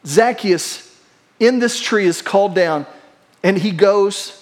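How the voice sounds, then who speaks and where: A man preaching a sermon as pastor, leading the congregation in call-and-response and moving between quick asides and slow, hushed emphasis. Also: high voice.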